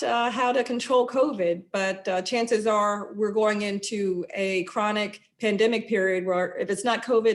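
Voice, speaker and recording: A woman council member hosting an online community event, speaking haltingly with many fillers and restarts. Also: medium pitch. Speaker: host, local council member.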